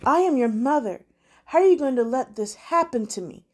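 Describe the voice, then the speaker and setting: A woman's voice: expressive, normal speed. A woman voicing a distraught middle-aged mother who pleads tearfully with her son. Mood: pleading. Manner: pleading, tearful, higher pitched.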